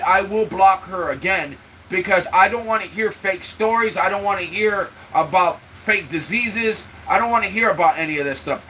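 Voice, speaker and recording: High, bright-voiced man venting on a live stream. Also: a little hiss or hum, low-quality recording. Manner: emotional, venting, talks straight to viewers. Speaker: livestream host. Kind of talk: casual livestream chat. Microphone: own microphone for the live stream.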